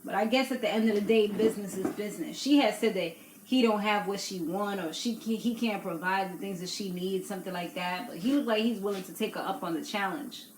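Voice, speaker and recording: A woman's voice: medium pitch, fairly quick, hardly any pauses. A young woman hosting a casual reality TV recap, chatty and opinionated, laughing often. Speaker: YouTube recap host. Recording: echoey room with faint noise.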